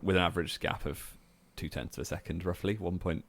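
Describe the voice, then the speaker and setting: A man co-hosting a podcast, giving firm opinions in a steady, casual chat and laughing easily. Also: sits low, a little fast. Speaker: podcast co-host.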